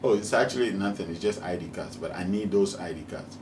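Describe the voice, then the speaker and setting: A man's voice: sits low, brisk, far from the mic, background noise, close to an everyday voice. A man puts on a young woman who pleads earnestly to get her purse back. She speaks. The recording is roomy, with a light echo. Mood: pleading.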